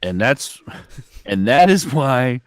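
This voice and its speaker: A man co-hosting a live stream, joking around in relaxed casual chat. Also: medium pitch, slow, dry recording, studio quality.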